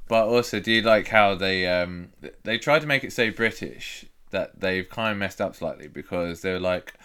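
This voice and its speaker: Male podcast co-host with a very low, bright voice, rambling and sweary. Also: normal speed, clean tone. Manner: rambling, swears freely, leads the plot recap. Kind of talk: casual movie-review banter.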